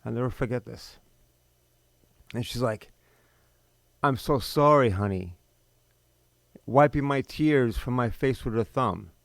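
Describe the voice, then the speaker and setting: A middle-aged man hosting a podcast, telling a personal story in a blunt, bitter, emphatic way with sudden pauses. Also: medium pitch, gravelly, dry recording. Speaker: podcast host.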